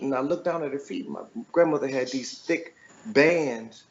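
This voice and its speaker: A man's voice: medium pitch, normal speed, muffled recording. A middle-aged man, an author and guest, telling a personal story in a loose, reflective way, often checking in with "right?".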